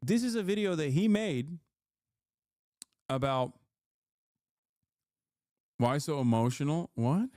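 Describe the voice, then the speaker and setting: A man's voice: fairly high pitch, lively intonation, slow pace, pauses often, darkish tone, dry recording, clean studio sound. A man streaming live, reacting to videos with sarcastic, mocking commentary.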